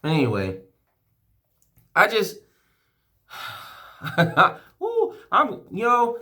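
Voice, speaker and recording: A man vents in an emotional fan vlog, cursing freely and tripping over his own restarts. His pitch swings wildly from low grumbles to high outbursts, and his voice has a bright, tense edge. The delivery is heated and rambling. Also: huge pitch swings, extremely slow, long pauses. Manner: heated, profane, emotional rant. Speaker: sports fan vlogger.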